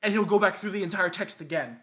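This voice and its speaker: A male co-host calls out a gaming countdown and riffs on it with crude jokes. His voice is high and very bright, with a sharp, lively edge. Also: fast talker. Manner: profane, jokey, announces the list. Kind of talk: casual comedic game banter.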